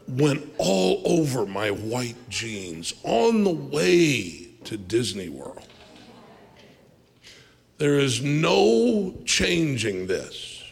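A man preaching a sermon as pastor, in a conversational, animated way with asides and quick laughs. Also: medium pitch, gravelly, husky. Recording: reverberant hall.

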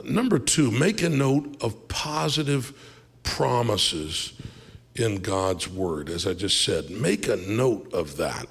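A man preaching a sermon as pastor, in a conversational, animated way with asides and quick laughs. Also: mid-range voice, gravelly, husky. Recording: reverberant hall.

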